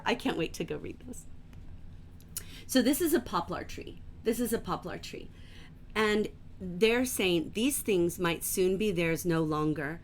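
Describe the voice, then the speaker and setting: A woman teaching a livestreamed literature class from home, enthusiastic and gently emphatic, reading passages aloud slowly. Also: mid-range voice, a little hiss or hum.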